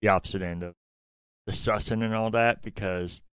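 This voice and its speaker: A man co-hosting a gaming podcast in casual chat, relaxed and thinking out loud. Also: lowish voice, normal speed, clear, resonant tone, no echo, clean studio sound. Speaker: podcast co-host.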